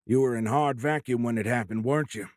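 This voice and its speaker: A man voicing a middle-aged government director, gruff and urgent over a phone line, at times choked with grief. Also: medium pitch, brisk, dry recording, studio quality, natural voice.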